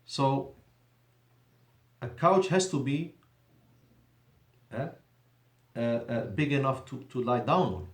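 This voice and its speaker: Brief: male teacher, mid-pitched voice, deliberate classroom delivery, roomy echo. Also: expressive. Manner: deliberate, drawn-out emphasis on key words; switches between Arabic and English, self-correcting. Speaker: Arabic teacher. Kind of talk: classroom lesson. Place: mosque classroom. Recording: echoey room.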